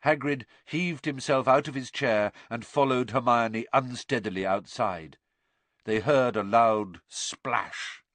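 A man narrating a storybook in a measured, expressive way. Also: medium pitch, dry recording. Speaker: audiobook narrator.

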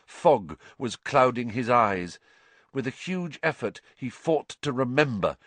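A man narrating an audiobook in a measured, suspenseful way, dropping low for dark passages. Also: expressive, no echo.

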